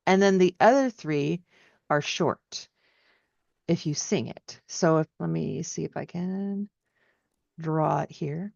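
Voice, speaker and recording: A woman's voice: low-pitched, slow pace, gravelly, pauses often, a little mellow, dry recording. A woman teaching piano, giving friendly feedback and singing phrases out in syllables to show how they go. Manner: encouraging, sings melodies out in syllables. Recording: dry, dull lo-fi sound.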